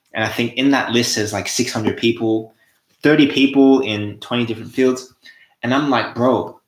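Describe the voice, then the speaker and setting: A man's voice: mid-range voice, echoey room. A young Australian man hosting a casual motivational monologue, swearing freely and restarting his phrases. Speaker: host.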